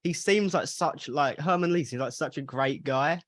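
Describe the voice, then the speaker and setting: A man's voice: fairly high pitch, normal speed. A man hosting a podcast, chatting casually and eagerly about a band he admires. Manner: enthusiastic, fan-like interjections. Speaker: podcast host. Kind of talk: casual chat.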